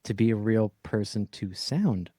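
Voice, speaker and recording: A man's voice: fairly low pitch, lively intonation, a little slow, dark tone, dry recording, studio quality. A man co-hosting a podcast, chatting in a rambling, joking way from a job trailer. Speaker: podcast co-host. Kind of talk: casual chat.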